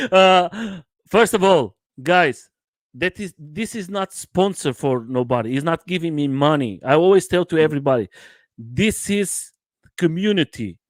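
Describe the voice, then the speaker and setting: Man, livestream host, enthusiastic, repetitive, slightly high voice, dry close sound. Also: a little slow, dry recording. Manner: enthusiastic, repeats himself, broken English. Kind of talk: casual livestream chat.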